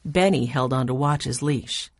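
A woman narrating a children's chapter book in an even storytelling voice. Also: rumbling low, unhurried, no echo, studio quality. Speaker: audiobook narrator.

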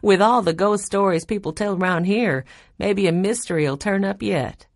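A woman's voice: medium pitch, normal speed, no room sound, clean studio sound, voice pushed up, close to an everyday voice. A woman voicing a friendly adult woman in a storybook reading, speaking lightly. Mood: amused. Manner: light and amused.

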